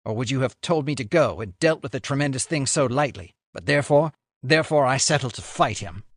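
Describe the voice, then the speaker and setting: A man's voice: medium pitch, lively intonation, a little fast, no echo, clean studio sound. An actor voicing a passionate, earnest young Englishman pleading his love in an audiobook. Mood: impassioned. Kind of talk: audiobook reading.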